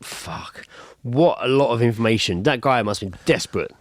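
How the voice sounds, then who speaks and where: A man's voice: mid-range voice, lively intonation, moderate pace, no room sound, studio quality. A man co-hosting a podcast, chatting casually and reading odd news stories aloud with lots of giggling. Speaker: podcast co-host.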